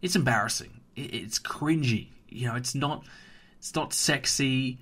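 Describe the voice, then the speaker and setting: A man's voice: medium pitch, a little slow, fairly bright tone, slightly rough. A young Australian man hosting a solo wrestling podcast, ranting emphatically with plenty of fillers and restarts. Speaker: podcast host.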